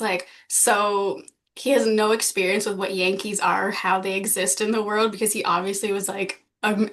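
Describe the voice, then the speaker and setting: Woman podcast cohost, chatty, lots of likes and little laughs, normal mid pitch. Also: a bit bright. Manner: chatty, many "like" fillers, laughs often. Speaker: podcast co-host. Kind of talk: casual chat.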